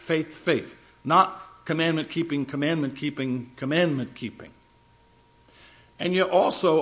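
A man preaching a sermon, earnest and emphatic, reading scripture slowly and repeating phrases for stress. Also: fairly high pitch, fairly bright tone. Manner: reads scripture slowly and deliberately. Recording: dull lo-fi sound.

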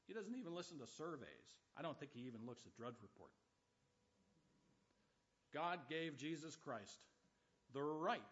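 A man pastor preaching a sermon, with loud emphatic bursts and dry humorous asides. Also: a little high, lo-fi sound.

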